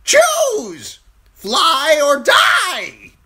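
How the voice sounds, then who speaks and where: A shrill, eerie three-eyed crow. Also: male voice, wildly swooping pitch, very slow, pushed and bright, shouting, heavily acted. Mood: urgent. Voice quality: shrill, very high.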